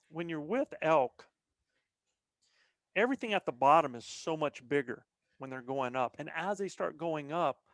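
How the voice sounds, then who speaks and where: A man's voice: on the high side, no echo. A middle-aged man, a guest on a podcast, talking casually and plainly about hunting, often tossing in "man" and repeating words as he restarts. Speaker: guest, elk hunter.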